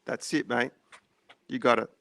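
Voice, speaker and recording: A man's voice: mid-range voice, fairly even intonation, unhurried, sharp tone, no echo. A man in his fifties with an Australian Melbourne accent, calling in to a livestream and chatting in an easygoing, laid-back way. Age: 50s. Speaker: caller. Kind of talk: casual chat on a call-in.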